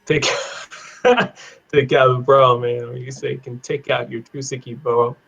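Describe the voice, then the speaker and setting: A man teaching an online English class on idioms, playful, laughing often and repeating phrases slowly. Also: medium pitch, level tone, creaky, a bit bright, breathy edge, lo-fi sound. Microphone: video call.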